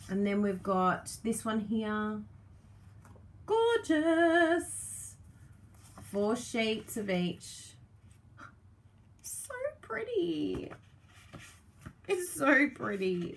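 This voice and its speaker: Chatty woman, thirties, live-stream craft host, gushing and unhurried. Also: medium pitch, a little hiss or hum. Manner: gushing, excitable, chatty with viewers. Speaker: craft product demonstrator. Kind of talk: live-stream unboxing chat.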